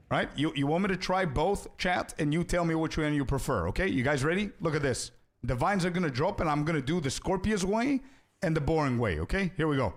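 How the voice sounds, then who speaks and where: A young man streaming a game, chatting casually with viewers and answering their questions. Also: fairly high pitch. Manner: chatty, answers chat, says "bro" often. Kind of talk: casual live-stream chat.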